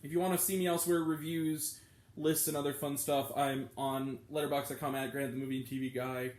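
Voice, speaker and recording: A man's voice: mid-range voice, little pitch movement, fairly quick, darkish tone, roomy sound. A young man reviewing a film in an exasperated rant, addressing his channel's viewers. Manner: exasperated, ranting. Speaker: movie reviewer. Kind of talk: ranting video review.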